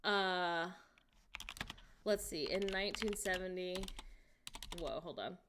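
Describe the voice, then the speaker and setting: A young American woman hosts a casual livestream, reading chat aloud, joking, laughing often, and breaking into incredulous outbursts. Her voice is lowish and slow, against a noisy background.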